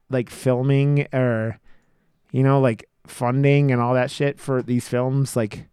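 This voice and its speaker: A man co-hosting a podcast, chatting casually about a film in a rambling, profane, excitable way. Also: mid-range voice, smooth, dry recording, clean studio sound. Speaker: podcast co-host. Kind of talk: casual film review chat.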